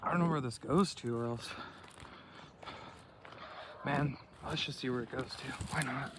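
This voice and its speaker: A man's voice: mid-range voice, unhurried. A man filming a casual vlog while hiking an outdoor trail, talking in a rambling, laid-back way with lots of slang. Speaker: vlogger. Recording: noisy outdoor recording.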